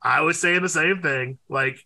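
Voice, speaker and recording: A young man co-hosting a podcast in casual chat, animated and profane, with loud exclaims. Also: on the high side, measured pace, gravelly. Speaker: podcast co-host.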